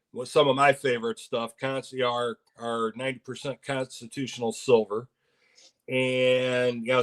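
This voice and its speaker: A man co-hosting a casual live stream, telling a story in a rambling, halting way. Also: mid-range voice. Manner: rambling, halting, laughs often. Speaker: co-host.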